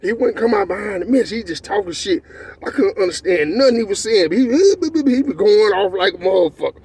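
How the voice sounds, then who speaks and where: A Texan man with a high, husky voice tells a story in loose, animated street slang. His tone is mellow rather than sharp, and he keeps checking in with his listener. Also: fairly quick. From Texas. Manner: animated, profane street slang, repeats "you know what I'm saying". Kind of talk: casual storytelling.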